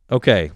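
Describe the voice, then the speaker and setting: A young man hosting a podcast, ranting in a comedic monologue. He curses a lot and sounds irritable and self-mocking, with sudden loud outbursts that drop to low mutters. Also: no echo, clean studio sound. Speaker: podcast host.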